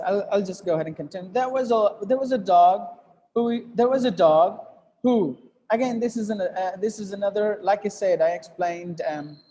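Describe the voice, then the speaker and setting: A man's voice: high voice, mellow, in a large hall, poor audio. A man teaching an English lesson to a class, explaining step by step with fillers and repeated phrases. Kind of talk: classroom lesson on reading aloud. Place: classroom with students.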